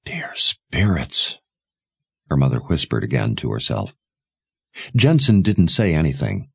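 A man narrating a novel aloud in a measured, expressive storytelling manner. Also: very deep voice, gravelly, husky, dry recording. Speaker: audiobook narrator. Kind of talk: scripted narration.

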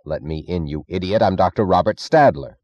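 A man's voice: deep voice, brisk, a little mellow, dry recording, highs cut off, natural voice. A man voicing an arrogant, contemptuous elderly male scientist who gives imperious, clipped commands.

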